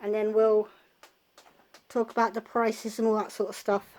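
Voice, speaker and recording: A woman's voice: mid-range voice, flat delivery, moderate pace, a little mellow. A woman vlogging a grocery haul from her kitchen at home, talking casually and rambling into chatty asides.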